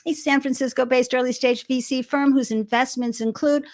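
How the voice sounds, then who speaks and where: Speaking into a webcam on a video call from a home studio with balloons behind her, an effusive woman hosts a live-streamed interview show and gushes as she greets viewers by name. Her voice sits a little high for a woman, with a steady tone at normal speed.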